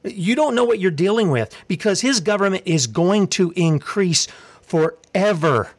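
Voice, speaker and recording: A man's voice: high-pitched, lively intonation, unhurried. A man preaching a sermon, fiery and confrontational, asking rhetorical questions and reading scripture aloud.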